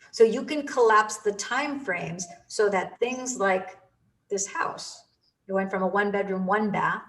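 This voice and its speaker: A woman speaks with enthusiastic, emphatic energy, pressing her points with repetition in a motivational talk. Her voice sits at an ordinary middle pitch. She sounds a little away from the microphone. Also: far from the mic, low-quality recording.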